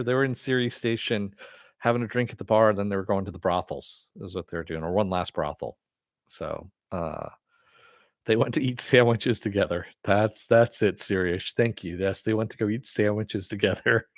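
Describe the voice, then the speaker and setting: Man, live-stream review host, casual, rambling, laughs a lot, fairly low voice. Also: measured pace, no echo, studio quality. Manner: rambling, laughs often, many fillers. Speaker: show host.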